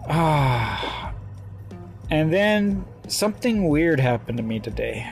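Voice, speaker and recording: A man driving a truck, telling a rambling story in casual vlog style with halting restarts. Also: fairly high pitch, sing-song, soft background music. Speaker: truck driver. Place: truck stop.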